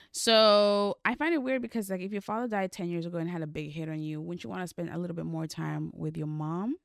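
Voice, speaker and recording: A woman co-hosting a casual book chat, retelling scenes in an animated way and acting out the characters. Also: lowish voice, moderate pace, creaky, dry recording, studio quality. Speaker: book podcast co-host.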